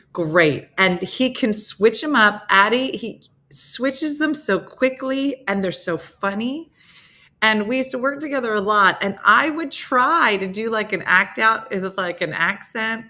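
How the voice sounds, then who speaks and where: A woman hosts a casual morning show from New Jersey, rambling through her chat and laughing often. Her medium-pitched voice is bright and forceful.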